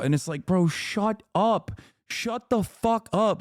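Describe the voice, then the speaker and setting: A man's voice: sits high, lively intonation, moderate pace, no room sound, clean studio sound. A man in his thirties ranting angrily and profanely while reacting on a livestream. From Turkey. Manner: angry, profane, emphatic. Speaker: streamer reacting to videos. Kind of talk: heated livestream rant.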